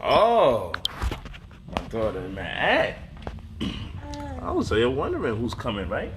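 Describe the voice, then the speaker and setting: A man's voice: medium pitch, huge pitch swings, slow, long pauses, noisy background. A man hosting a casual home cooking vlog in his kitchen, playful and teasing as he coos at his baby daughter. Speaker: cooking show host.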